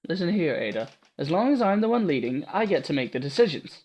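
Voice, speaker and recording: A hard-edged swordswoman talks down to her companion, clipped and bossy, with a Scottish accent, put on by a man reading a visual novel. She gives orders without softening them. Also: on the high side, animated, normal speed. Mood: stern. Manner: brusque, commanding. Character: gruff tough woman swordswoman, blunt and bossy.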